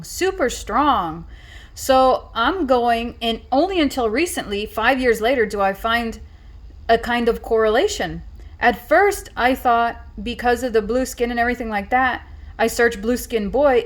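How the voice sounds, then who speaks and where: A woman vlogger telling a story in a casual, rambling way, full of fillers and restarts. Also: on the high side.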